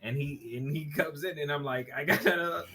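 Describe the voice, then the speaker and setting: A man with a New York accent, a podcast guest telling a story from his bedroom over a webcam, animated and swearing, laughing as he goes. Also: on the high side, moderate pace, a little hiss or hum. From Brooklyn, New York. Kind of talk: casual podcast chat, storytelling. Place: bedroom at home.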